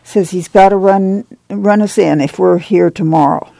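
A woman's voice: mid-range voice, normal speed, creaky, dark tone, no room sound, lightly acted. A woman voicing a tough, weary migrant mother with a folksy rural drawl, read for an audiobook. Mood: worried. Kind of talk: audiobook dialogue reading.

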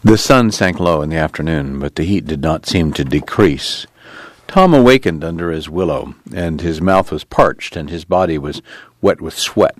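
A man narrating an audiobook in a measured, steady storytelling manner. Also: extremely low pitch, no room sound.

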